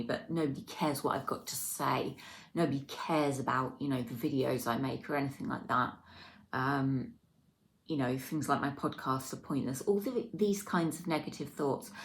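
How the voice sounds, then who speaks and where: A woman with a low voice talks in a personal video diary. She sounds tired and subdued, and her speech is hesitant and halting, with frequent pauses and restarts. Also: fairly bright tone. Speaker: video diarist.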